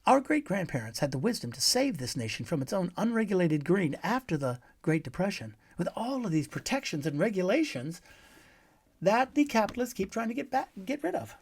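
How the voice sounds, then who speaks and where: A man hosts a scripted political monologue in a sarcastic, scornful rant. His voice is very animated and pitched high, swooping between loud bursts of name-calling and low, hushed asides. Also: fairly quick, creaky, husky. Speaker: host.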